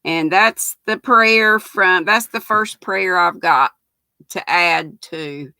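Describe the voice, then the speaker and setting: Gravelly older woman chatting. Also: on the low side, takes it slowly, pushed and bright, dry recording. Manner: folksy, greets viewers by name. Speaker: livestream host. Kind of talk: casual livestream chat.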